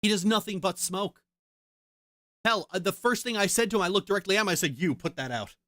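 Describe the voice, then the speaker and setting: A woman's voice: mid-range voice, fairly even intonation, fast talker, fairly bright tone, no room sound, studio quality. A woman streamer in casual chat, ranting heatedly and swearing a lot.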